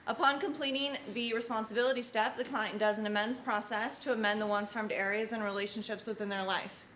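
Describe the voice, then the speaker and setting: A woman's voice: on the high side, fairly even intonation, brisk. A woman hosting a graduation ceremony at a treatment center, announcing upbeat and rallying the audience. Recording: echoey room with background noise.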